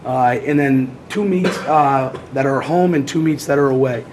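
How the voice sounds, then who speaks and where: A hoarse man with a cold presenting as athletic director at a public meeting, halting with many fillers. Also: mid-range voice, darkish tone, slight background noise, poor audio.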